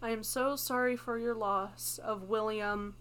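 A woman's voice: a little high, fairly even intonation, measured pace, a bit bright, clear, resonant tone. A young woman co-hosting a casual podcast chat, telling a story in a chatty way and laughing easily. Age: young adult. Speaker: podcast co-host.

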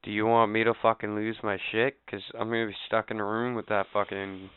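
A man's voice: lowish voice, flat delivery, fairly quick, clear, resonant tone, no room sound. A young man cohosting a casual podcast who swears constantly and gripes nervously about his wife going into labor. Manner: profane, anxious griping, heavy swearing. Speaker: podcast co-host. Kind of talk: casual crude banter. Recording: tinny phone-like lo-fi audio.

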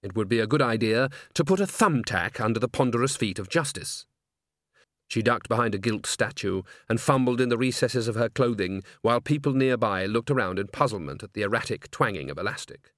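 A man narrating a comic fantasy novel in an even, wry storytelling manner. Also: medium pitch, a little fast, no room sound, clean studio sound. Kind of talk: audiobook narration.

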